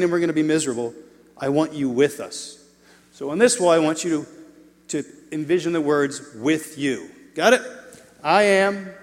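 A man preaching a sermon, animated and conversational, with his voice rising and falling in volume. He throws in playful asides to the congregation. The long reverb of a church hall trails after his words. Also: fairly high pitch.

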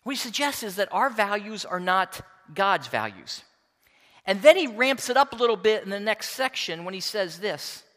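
A man preaching a sermon, reading scripture aloud and explaining it with emphatic, expressive delivery. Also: sits high, moderate pace, big-room sound. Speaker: pastor.

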